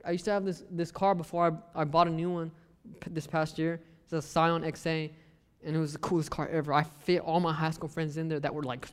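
A young lay preacher with a drawl and a fairly high voice for a man delivers a casual, conversational sermon, quoting scripture, cracking jokes on the side and acting out things his family says. His delivery is flat, brisk and smooth, and the hall around him adds long reverb.

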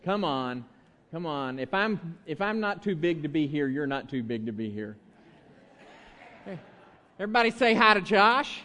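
A pastor with a fairly high, slightly bright voice gives a playful children's sermon in a church sanctuary, coaxing the kids to repeat words after him. The long reverb of a large church hall surrounds him.

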